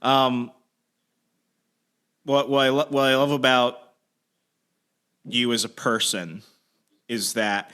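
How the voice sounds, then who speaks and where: A young man telling a story in casual chat, animated and swearing, acting out shouted quotes. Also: medium pitch, slow, long pauses, clean tone. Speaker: podcast co-host telling a story.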